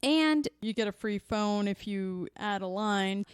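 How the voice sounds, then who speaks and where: Chatty woman with a smooth clear voice. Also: medium pitch, animated, unhurried, no echo, studio quality. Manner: chatty storyteller, acts out quotes. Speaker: podcast co-host. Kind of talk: casual chat.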